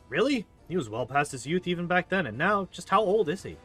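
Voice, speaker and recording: A man's voice: sits high, very animated, a little fast, few pauses, a bit bright. A man giving casual let's-play commentary with dry, wry asides while game music plays faintly. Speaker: gaming channel host.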